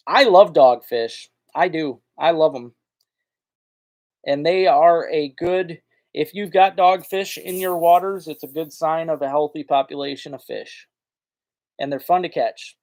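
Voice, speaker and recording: A man with a slightly high-pitched voice hosts a casual live fishing stream. He talks in a folksy, rambling way and answers comments from chat as they come in. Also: unhurried, long pauses, a little mellow. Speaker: fishing channel host.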